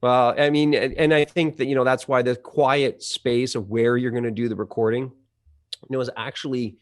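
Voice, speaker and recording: A man's voice: mid-range voice, fairly even intonation, normal speed. A man being interviewed as a company executive, explaining at length in a chatty way with lots of fillers and restarts. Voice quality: trained audio engineer. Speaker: CEO of a voice-over marketplace, guest. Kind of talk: conversational interview.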